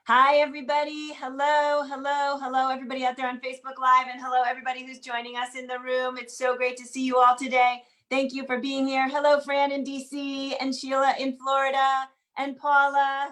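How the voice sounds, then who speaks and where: A woman hosting an online group singalong over a video call, greeting people quickly and giving announcements in an upbeat, casual way. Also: high-pitched, completely flat delivery, a bit bright.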